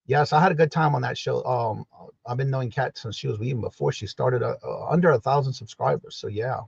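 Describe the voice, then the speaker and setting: A man's voice: mid-range voice, brisk, creaky, breathy edge, dry recording, dull audio. A man from New Orleans, hosting a casual morning live stream and greeting viewers in the chat one by one by name. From New Orleans, Louisiana. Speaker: livestream host.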